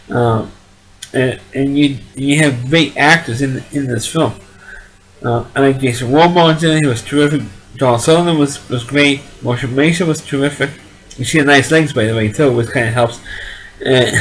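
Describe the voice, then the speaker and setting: A man's voice: medium pitch, poor audio. A man giving a casual spoken movie review, rambling along and often repeating and restarting his words.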